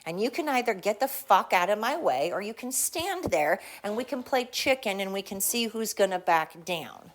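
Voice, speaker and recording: A woman's voice: mid-range voice, very animated, moderate pace, few pauses, a little hiss or hum. A woman hosting her own podcast, delivering a heated, blunt, profane solo rant with emphatic repetition. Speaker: podcast host.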